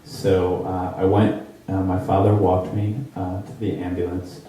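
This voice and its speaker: A young man telling a comedic true story at an improv show, rambling with lots of fillers and jumping into high squeaky voices for the people in it. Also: level tone, measured pace, mellow, a little hiss or hum. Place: theater stage. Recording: roomy, distant live stage recording.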